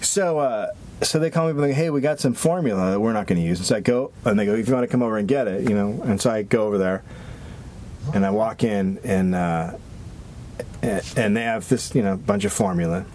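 A man's voice: fairly low pitch, a little fast, a little hiss or hum. A man co-hosting a comedy podcast, telling a story and acting out the people in it. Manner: animated, acts out quoted people. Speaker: podcast co-host.

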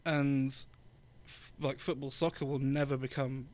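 A man's voice: mid-range voice, little pitch movement, measured pace. A man from England with an English accent, co-hosting a podcast in casual chat, chatty with lots of ums and easy laughs. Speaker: podcast co-host.

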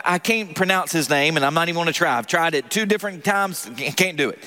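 A man's voice: high-pitched, brisk. A man with a Southern US accent preaching a sermon as pastor, calling out for the congregation to answer and joking about himself. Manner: animated, calls out for congregation responses, jokes about himself.

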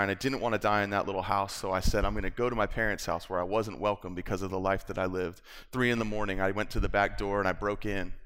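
A man preaching a personal testimony sermon, moving between hushed storytelling and fervent peaks. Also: fairly low pitch, clear, resonant tone. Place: church sanctuary. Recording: long hall reverb in a church.

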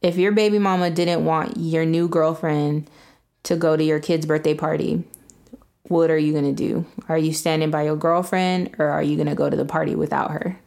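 Low-voiced young woman, teasing chat. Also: level tone, moderate pace, vocal fry, darkish tone. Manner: laid-back, teasing, poses scenarios. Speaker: podcast co-host. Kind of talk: casual couple podcast chat.

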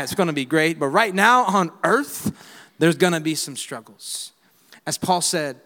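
A man preaching a sermon, swinging between loud exhortation and quiet reflection, with humorous asides and call-and-response lines. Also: fairly high pitch. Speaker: pastor. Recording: reverberant hall with faint music.

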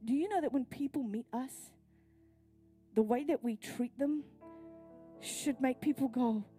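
A woman's voice: high-pitched, unhurried, pauses often, dark tone, soft background music. Earnest New Zealand woman pastor preaching. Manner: earnest, personal storytelling. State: pregnant. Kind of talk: sermon. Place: church service.

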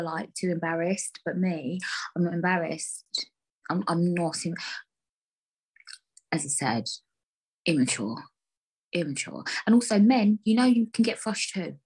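A woman's voice: on the low side, husky. A young woman hosting a podcast alone, talking candidly and bluntly with lots of swearing. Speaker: podcast host. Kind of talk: casual solo podcast chat.

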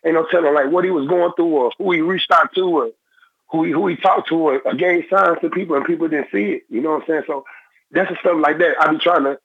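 A young man, a former football player, talking in a phone-in interview in halting, repetitive phrases. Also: on the high side, creaky, slightly rough, no room sound. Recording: tinny phone line.

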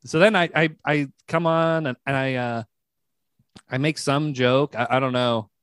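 A man co-hosting a casual podcast, telling a story animatedly and breaking into loud mock yelps. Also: mid-range voice, fairly even intonation, moderate pace, smooth, dry recording, studio quality. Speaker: podcast co-host.

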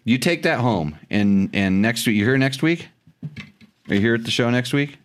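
A man's voice: mid-range voice, lively intonation, normal speed, a little hiss or hum. A middle-aged man hosting a casual podcast, joking and teasing, often restarting his sentences. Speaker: podcast host. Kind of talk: casual chat.

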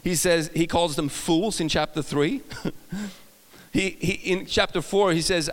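A man with a Swedish accent delivers a sermon in a higher register, stumbling over words and circling back with restarts. His voice carries a long reverb, as if filling a large church hall. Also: a little slow. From Sweden. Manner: storytelling with frequent restarts and self-laughter. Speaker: preacher.

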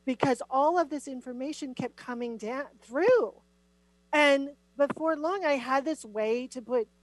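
A middle-aged woman, a podcast guest and spiritual teacher, telling her story in an animated, emphatic way during a conversational interview. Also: a little high, dry recording, rough recording.

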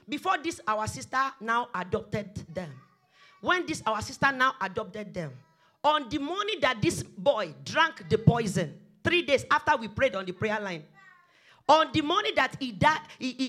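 Preacher, sermon, high voice, very lively pitch, emphatic, repeats phrases.

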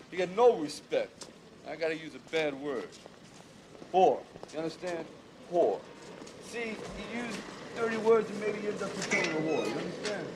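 Street-tough boxer, rough slang, rambling fatherly lectures; noisy film-clip sound. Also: high voice. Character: streetwise adult male boxer lecturing a young girl. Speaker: film character.

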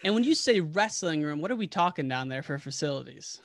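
A man hosting a podcast, chatting and asking questions in a relaxed, conversational way. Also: a little high, a little fast, no room sound, clean studio sound. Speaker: podcast host. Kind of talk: casual interview.

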